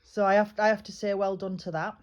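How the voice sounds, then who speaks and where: A woman working as a psychic medium, giving a private reading in a chatty, reassuring way, often pausing and restarting her sentences. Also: medium pitch, flat delivery, muffled recording. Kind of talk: private spiritual reading, casual chat.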